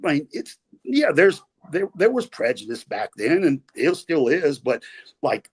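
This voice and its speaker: A middle-aged man with a Southern US accent talks casually as a podcast guest. His voice is husky and his pitch sits in the middle. He rambles, with many fillers and restarts. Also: sing-song, a little slow. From American South. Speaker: podcast guest, former wrestler. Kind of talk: casual storytelling interview.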